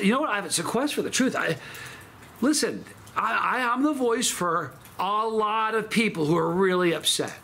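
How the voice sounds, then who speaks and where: A man's voice: on the high side, pushed and bright, slight background noise. A man hosting his channel, telling a story in a casual monologue that is emphatic and rambling, with frequent restarts and self-corrections. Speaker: channel host.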